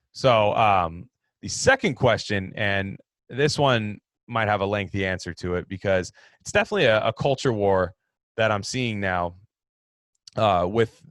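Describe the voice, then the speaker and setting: A man's voice: lowish voice, a bit bright, no room sound, studio quality. A young man hosting a sports talk show, giving rambling, opinionated takes with lots of restarts. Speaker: sports podcast host.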